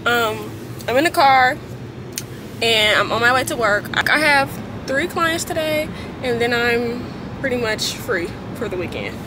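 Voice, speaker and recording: A woman's voice: on the high side, measured pace. Young Southern US woman, casual vlogger, chatty phone-camera talk, noisy background. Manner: chatty and relaxed, talking to the camera. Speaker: vlogger and nail tech. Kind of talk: casual vlog chat. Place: car.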